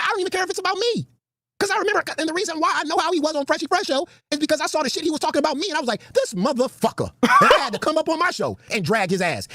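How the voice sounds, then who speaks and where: A man in a played stream clip, ranting in an animated, profane way. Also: very high-pitched, no echo, clean studio sound. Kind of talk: animated rant.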